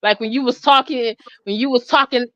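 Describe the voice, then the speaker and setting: A woman from Atlanta with an Atlanta accent, chatting in a lively, giggly way. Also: fairly high pitch, fairly quick, dry recording, lo-fi sound. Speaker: stream guest. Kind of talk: casual chat.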